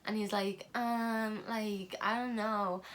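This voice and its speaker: A woman's voice: mid-range voice, steady tone, takes it slowly, a bit bright, slight background noise. A young woman telling a story in a casual vlog chat, blunt and swearing freely. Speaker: vlog co-host.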